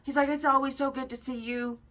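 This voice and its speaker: A middle-aged woman tells a story in a loose, casual way, swearing freely and acting out every exchange in the voices of the people she quotes. Her voice sits fairly high and sounds a little distant from the microphone. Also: a little fast. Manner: frank and profane, with lively quoted dialogue. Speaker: podcast host.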